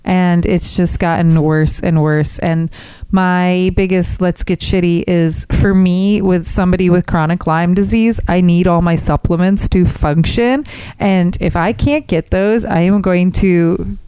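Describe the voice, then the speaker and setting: A woman with a low, mellow, smooth voice speaks frankly in a casual podcast chat. She talks slowly and deliberately and swears freely. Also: fairly even intonation, no echo, low-quality recording. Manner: frank, profane, slow and deliberate.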